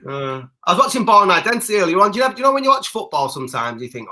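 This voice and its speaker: Lively, bright-voiced joking man. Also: sits high, very fast. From Britain. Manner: jokey banter, laughs often. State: parent. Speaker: podcast co-host. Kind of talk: casual chat.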